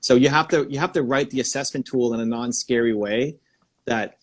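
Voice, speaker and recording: A man hosting a live stream, giving energetic advice and thinking out loud in quick bursts. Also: mid-range voice. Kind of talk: excited live-stream coaching chat.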